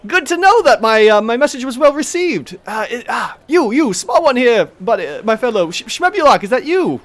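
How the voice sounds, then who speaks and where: A man voicing a bustling, cheerful halfling woman who runs a fishery, talking high and eager. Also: sing-song, moderate pace. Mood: welcoming. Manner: high, eager, chatty, fussing over business.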